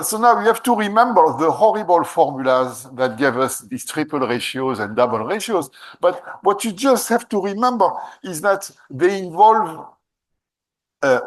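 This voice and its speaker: A man delivers a university mathematics lecture in a hall at a slow, deliberate pace. His voice sits slightly high, and his delivery is halting, full of restarts and fillers, with a habitual questioning "eh?" tag. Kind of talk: live university lecture at a board.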